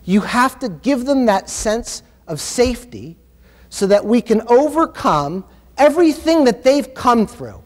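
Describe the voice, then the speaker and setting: In a university conference hall, a man delivers a keynote, telling stories with emphatic, impassioned energy. His voice is extremely high-pitched and sing-song, and he keeps a measured pace. A long hall reverb trails his words.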